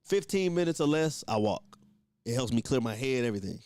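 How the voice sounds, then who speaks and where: Brief: young male comic, lively swooping delivery, dry close sound, swears a lot, quick to laugh. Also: mid-range voice, no room sound. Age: young adult. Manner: animated, profane, laughs often. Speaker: comedian guest. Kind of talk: casual storytelling.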